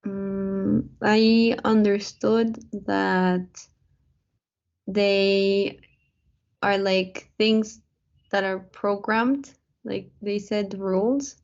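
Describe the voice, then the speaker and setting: A woman's voice: medium pitch, fairly even intonation, extremely slow, gravelly, darkish tone, dull audio. A woman answering questions in an English class, hesitant and searching for words. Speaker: student.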